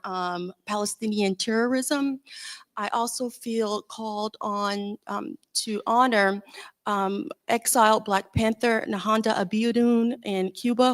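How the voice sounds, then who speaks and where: Southern woman on a panel, lots of ums and uhs, talks in starts and stops. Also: mid-range voice. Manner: halting, heavy with um and uh fillers. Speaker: panelist, educator. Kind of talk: symposium panel talk.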